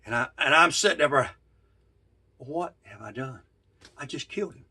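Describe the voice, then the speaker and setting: A man telling a true story in a casual, folksy way, with halting restarts. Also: medium pitch, animated, bright, forceful tone, slightly rough.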